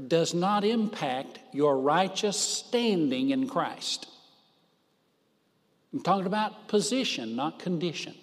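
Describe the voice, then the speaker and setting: A man preaching a sermon in a slightly high voice, leaning hard on key words. He talks very slowly and stretches his phrases out for emphasis. His voice rings with the long reverb of a large hall. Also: expressive. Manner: emphatic, drawn-out phrases for stress.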